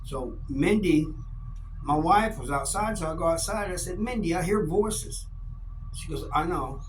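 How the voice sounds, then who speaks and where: A man's voice: fairly high pitch, moderate pace, background noise. Laid-back middle-aged man telling stories. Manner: laid-back, folksy, animated when quoting people. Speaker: YouTube storyteller. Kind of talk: casual storytelling to camera.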